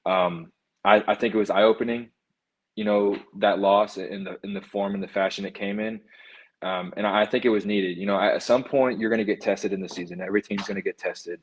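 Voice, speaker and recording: Football player guest on a call, lowish voice, calm, lots of ums. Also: male voice, slightly rough. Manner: measured, many ums and restarts. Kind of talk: interview answers.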